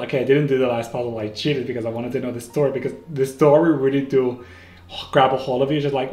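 Man, solo podcast host, excitable rambling chat, echoey room, faint music behind. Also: medium pitch, a little fast. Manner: rambling, excitable, frequent self-corrections. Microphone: home microphone, may clip.

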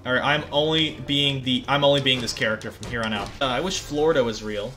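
A young man giving excitable, profane commentary over his gameplay, often yelling at the game. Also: mid-range voice, fast talker, slight background noise. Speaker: gaming video creator. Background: game music.

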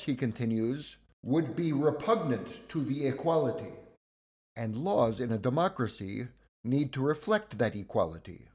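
A man's voice: on the high side, darkish tone, husky. A man giving scripted educational narration about political history, with wry, conversational asides.

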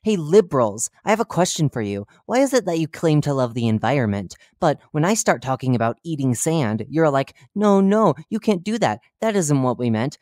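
Narrator playing a male radio talk-show host, cheerful, oblivious, chatty, deadpan dark jokes, dry close sound, mid-pitched. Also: normal speed, few pauses, no room sound, lightly acted. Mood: chipper. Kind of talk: horror fiction reading.

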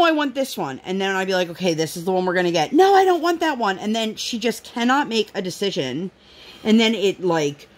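A woman in her thirties chatting casually to viewers while crafting, telling a story with lots of fillers and acting out quotes. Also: on the low side. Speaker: vlogger.

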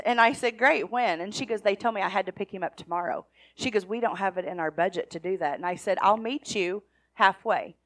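A middle-aged woman, a foster parent, sharing a testimony with a church congregation, chatty and full of quoted asides. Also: on the low side. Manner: chatty, retelling conversations with quick quoted asides. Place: church service.

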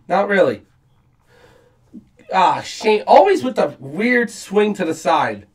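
A man giving casual reaction commentary in an unhurried drawl, his pitch swinging widely between low mutters and high outbursts. He talks bluntly, swears freely and fills gaps with "um". His voice sits a little back from the mic. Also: big pitch swings, fairly bright tone, distant mic. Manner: profane, blunt, with frequent fillers. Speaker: reaction video host.

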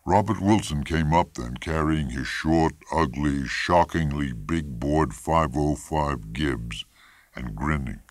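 A man narrating a literary short story in a measured, expressive audiobook reading, close to the mic. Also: a bass voice, no echo. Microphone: close studio mic.

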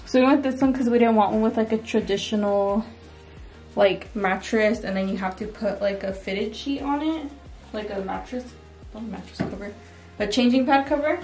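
A woman's voice: medium pitch, normal speed, darkish tone, reverberant, recorded from a distance, soft background music, poor audio. A young woman casually showing her baby's nursery in a chatty, rambling way, full of "like" and "um". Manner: chatty, filler-heavy, with frequent "like" and "um". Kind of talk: casual home tour chat. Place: indoors in a home nursery.

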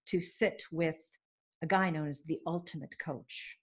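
Canadian-raised woman guest, low husky voice, lively self-mocking anecdotes, casual interview. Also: a little slow. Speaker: podcast guest, business coach.

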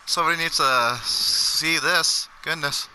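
Brief: high, sharp-toned male gamer, excitable and swearing, casual chat. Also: measured pace, slight background noise, poor audio.

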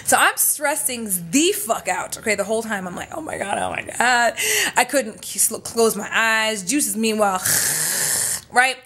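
A woman's voice: fairly high pitch, lively intonation, normal speed, pushed and bright, slight background noise. A young adult woman vlogger telling a dramatic, profane storytime in casual chat.

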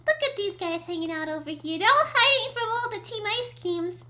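Young woman gamer, bubbly and gushing, with a very high, bright voice. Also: lively intonation, normal speed, a little hiss or hum. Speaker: gaming video creator. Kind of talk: let's-play commentary.

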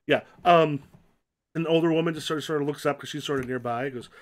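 A man's voice: fairly high pitch, fast talker. A man running an improvised tabletop heist game as game master, rambling with lots of fillers as he narrates and voices the people his players meet. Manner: rambling, filler-heavy, shifts between narration and quoted characters.

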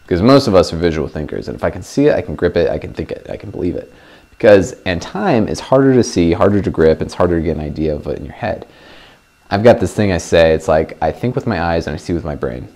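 A man's voice: low-pitched, expressive, fast talker, a little mellow. A young man giving casual self-help advice in a vlog, playful and self-mocking. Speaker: vlogger. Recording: music playing underneath.

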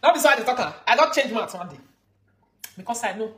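A woman's voice: fairly high pitch, animated, brisk, reverberant, noisy background. A Nigerian woman giving gossipy, scolding commentary that mocks and lectures the viewer.

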